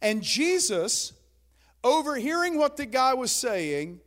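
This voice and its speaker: A man's voice: extremely high pitch, big pitch swings, slow, fairly bright tone. A pastor preaching a sermon in an emphatic, conversational way, often checking in with his listeners.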